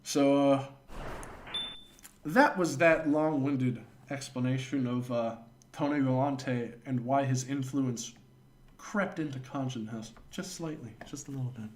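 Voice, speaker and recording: Speaking a little slowly at medium pitch, a man on a livestream tells a rambling, profane story and pauses to thank his viewers. A little hiss or hum can be heard.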